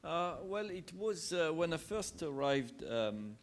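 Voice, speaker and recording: A man's voice: fairly high pitch, sing-song, takes it slowly. A man from France with a French accent, a chef sharing anecdotes in an interview, hesitant and full of fillers. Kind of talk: interview conversation.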